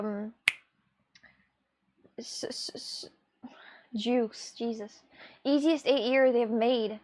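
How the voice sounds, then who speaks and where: A woman's voice: on the high side, steady tone, takes it slowly, long pauses, darkish tone. A young woman streamer from Russia, chatting casually with viewers in a rambling way, with gasps and restarts. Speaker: live streamer.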